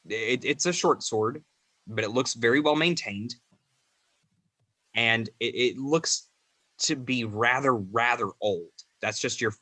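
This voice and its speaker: A man narrating a tabletop game as game master, describing scenes in a halting, descriptive way. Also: medium pitch, pushed and bright, no echo.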